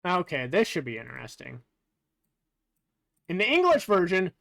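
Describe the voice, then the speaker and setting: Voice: medium pitch, big pitch swings, unhurried, gravelly, pauses often, a bit bright. A streamer giving casual game commentary, musing aloud with frequent fillers and the odd curse. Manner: casually profane.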